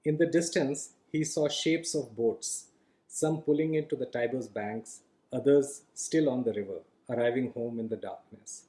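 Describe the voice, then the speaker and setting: A man reading his own fantasy novel aloud in calm, measured audiobook narration. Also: mid-range voice, low-quality recording.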